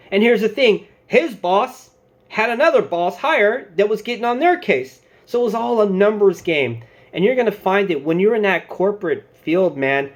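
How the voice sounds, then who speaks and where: Chatty man with a higher voice. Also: highs cut off. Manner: loose storytelling, acting out quoted bosses and coworkers. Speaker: security channel host giving advice. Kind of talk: casual advice talk to camera.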